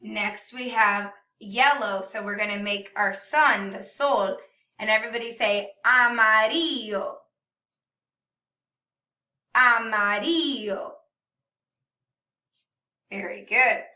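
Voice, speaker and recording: A woman teaching a video language lesson for children, upbeat and enunciating slowly so students can repeat after her. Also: medium pitch, sharp tone. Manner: upbeat, slow and clearly enunciated, modeling words for repetition. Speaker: Spanish teacher. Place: classroom or room at home. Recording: echoey room, slightly far from mic.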